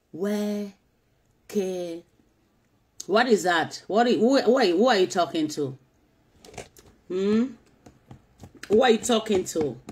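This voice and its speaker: Lady going off at commenters, slow and drawn out, kinda high voice, keeps asking the same thing over and over. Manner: confrontational, repetitive taunting questions. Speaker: social media vlogger reading comments. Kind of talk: ranting live-stream talk.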